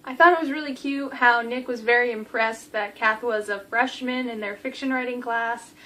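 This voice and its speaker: Gushing young woman, a bit high. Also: normal speed, low-quality recording. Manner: gushing and animated, acts out character lines. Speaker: book reviewer. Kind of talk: casual book review vlog.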